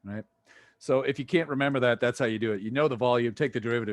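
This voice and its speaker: This online physics lecture comes from a playful man speaking fast at medium pitch, joking with students and quizzing them. The recording is close and dry, with no room sound.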